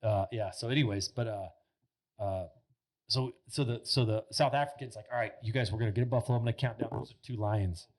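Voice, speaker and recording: A man's voice: medium pitch, fast talker. A young man spins a long anecdote into a studio mic as a podcast guest. His voice sits in an ordinary middle range. He circles back, repeats himself and piles up fillers, and he speeds up when the story gets good. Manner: rambling, filler-heavy, animated retelling. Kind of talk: casual storytelling. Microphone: studio microphone.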